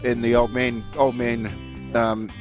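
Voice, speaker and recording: A man's voice: mid-range voice, level tone, unhurried, soft background music. A man with a New Zealand accent co-hosting a radio show in casual chat, telling anecdotes and chuckling often. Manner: chatty storyteller, chuckles often. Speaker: radio co-host.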